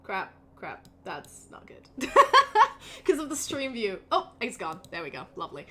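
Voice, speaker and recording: A woman's voice: medium pitch, sing-song, measured pace. A woman narrating a tabletop game as game master, chatty and rambling, with many fillers and restarts.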